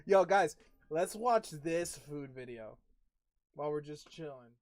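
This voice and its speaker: Excitable, foul-mouthed man streaming. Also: on the high side, slow, dry recording, soft background music. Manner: loose and excitable, swears often. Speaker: card-breaking livestream host. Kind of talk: casual stream chat.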